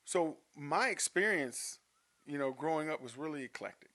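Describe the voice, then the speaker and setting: Man in his fifties, from Denver, podcast guest, animated storyteller, slightly high, bright tone. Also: moderate pace. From Denver, Colorado, USA. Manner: animated storyteller, laughs often.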